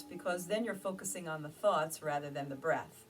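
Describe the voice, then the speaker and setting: A woman teaching meditation, guiding her listeners through breathing with gentle, slow instructions and soft pauses. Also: on the low side, fairly even intonation. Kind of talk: guided meditation. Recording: distant mic with music behind. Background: soft music.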